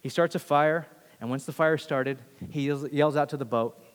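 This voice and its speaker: A male pastor delivering a sermon in an animated storytelling way, moving from raised, excited passages to soft, hushed ones. His voice sits a little high for a man and trails off into a long hall reverb. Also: normal speed. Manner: animated storytelling, acts out quotes, swings loud to hushed.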